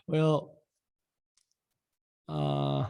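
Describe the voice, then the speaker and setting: A young man teaching a casual online language lesson, repeating words slowly and often asking his viewers "guys". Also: fairly high pitch, vocal fry, warm tone, smooth.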